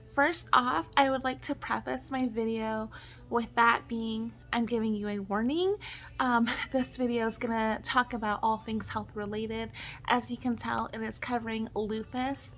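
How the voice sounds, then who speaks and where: A woman's voice: on the high side, steady tone, measured pace, fairly bright tone. A woman in her thirties, a stay-at-home mom, talking in an earnest, apologetic personal vlog while choking up with tears. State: tearful, choking up.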